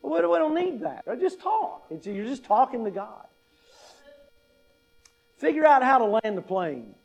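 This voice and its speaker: A man's voice: very high voice, big pitch swings, unhurried, gravelly, a little mellow. A pastor in his fifties gives a conversational teaching talk, often asking "right?" and adding wry humor. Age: 50s. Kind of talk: teaching talk on public speaking.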